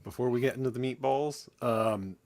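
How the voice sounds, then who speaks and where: A man's voice: mid-range voice, normal speed, a little mellow, dry recording. A man co-hosting a podcast in casual chat, dry and laconic. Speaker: podcast co-host.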